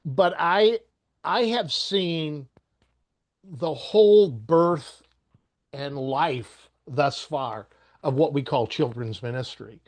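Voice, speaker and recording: Slow-talking older man hosting. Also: a little high. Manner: slow, affirming, many murmured agreements. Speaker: panel host. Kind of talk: panel discussion.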